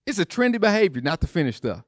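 A man's voice: high-pitched, very animated, quick pace, no echo, studio quality. A male pastor preaching a sermon, repeating phrases and asking his congregation questions.

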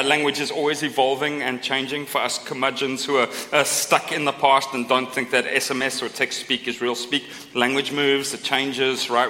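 Bright-voiced man preaching in a reverberant hall. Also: medium pitch. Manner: conversational preaching, tags lines with a questioning "right?"; self-deprecating humour, asides to the congregation. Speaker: pastor. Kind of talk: sermon.

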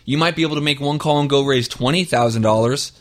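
A man's voice: mid-range voice, quick pace. Upbeat male podcast host coaching listeners. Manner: energetic, direct, coaching tone, repeats key points. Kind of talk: motivational podcast monologue.

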